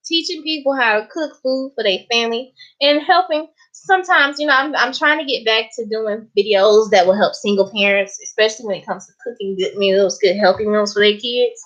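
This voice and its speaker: A woman's voice: on the high side, fairly quick, fairly bright tone. A young woman with a Southern US accent hosts a cooking channel, chatting on a live stream in a playful, emphatic way and laughing often. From Southern United States. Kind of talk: casual live-stream chat. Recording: dull lo-fi live-stream audio.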